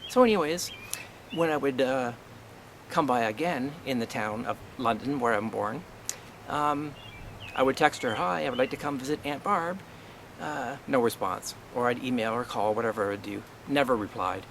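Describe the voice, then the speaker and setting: A man's voice: medium pitch, normal speed, fairly bright tone, a little hiss or hum. A middle-aged man telling a personal family story in a blunt, aggrieved way, swearing often and asking rhetorical questions. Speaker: vlogger.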